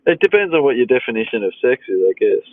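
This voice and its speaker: A man hosts a relaxed live chat from his phone, answering viewer questions with dry amusement and frequent chuckles. His voice sits at a middling pitch. The sound is thin and tinny like a phone line, with no room echo at all. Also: fast. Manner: easygoing, amused, chuckles often, reads viewer questions aloud. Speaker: livestream host answering chat. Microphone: phone livestream.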